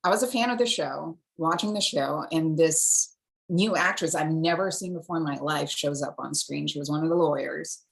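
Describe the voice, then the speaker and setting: A woman from Singapore, an actor, telling stories in a lively, casual interview. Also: sits low, normal speed, vocal fry. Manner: animated storyteller, switches accents.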